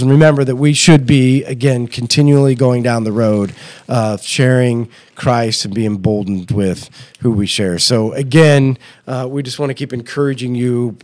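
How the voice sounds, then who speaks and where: A man's voice: mid-range voice, a little mellow, no echo. A man hosting a church podcast in casual chat, rambling and teasing, laughing often.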